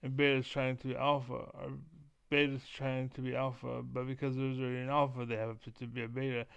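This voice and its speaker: A man streaming a casual, profane rant that rambles, with filler words repeated over and over and the throat often cleared. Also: medium pitch, little pitch movement, a little fast, a bit bright, no room sound, highs cut off.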